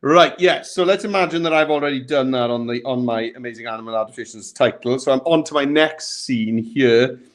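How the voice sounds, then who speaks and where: A British man hosting a live software tutorial, chatty and upbeat, walking through each step. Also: mid-range voice, brisk, hardly any pauses. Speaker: host tutor.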